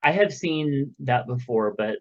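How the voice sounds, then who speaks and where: Lively, slow-talking joking podcast host. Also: male voice, medium pitch, muffled recording. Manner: rambling, jokey, lots of fillers. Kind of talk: casual chat. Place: home recording room, window open.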